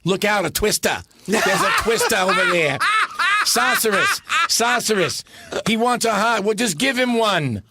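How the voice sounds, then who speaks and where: A man's voice: sits high, very animated, measured pace, noisy background, voice pushed up, exaggerated voice. A man voicing a young woman with a brassy New York accent and a whiny, sing-song delivery. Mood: mock panic.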